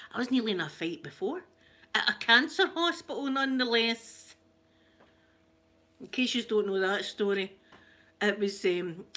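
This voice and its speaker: Telling family stories in a relaxed chat, this Scottish ASMR host in middle age laughs frequently and performs the voices of the people she quotes. Her mid-range voice comes across pushed and bright.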